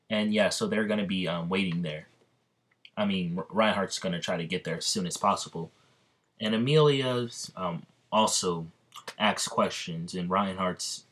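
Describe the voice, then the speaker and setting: A man with a low voice retells an imagined story in a casual, rambling way. He stops often for ums and restarts, and sounds a little out of breath. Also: fairly bright tone. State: slightly out of breath. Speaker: fan narrating an imagined crossover story.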